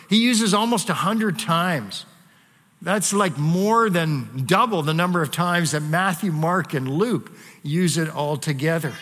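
A man with a bright, forceful, somewhat high voice delivers a sermon to his congregation. He talks casually, with plenty of fillers and asides. His voice rings out with the long reverb of a large church hall. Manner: conversational, frequent "you know" and fillers. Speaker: pastor.

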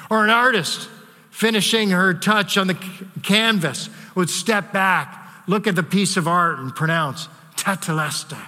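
A man preaching a sermon in an earnest way, slowing and softening his voice for key words. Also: high voice, long reverb tail. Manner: earnest preaching with dramatic pauses and softened quotes. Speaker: pastor.

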